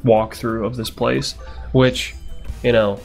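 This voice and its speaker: Gravelly dude narrating his game run, rambly and sweary, some faint game music behind him. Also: mid-range voice, steady tone, slow. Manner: rambling, swears, laughs to himself. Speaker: gameplay commentator. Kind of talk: casual let's-play commentary.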